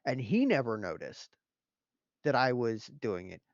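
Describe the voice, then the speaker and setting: A man's voice: medium pitch, sing-song, measured pace, no room sound. An easygoing man tells stories in casual chat as co-host of a whiskey show, his voice in a plain middle range. His mic sounds dull and muffled, and it is dead dry with no room around it. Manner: storytelling, easygoing.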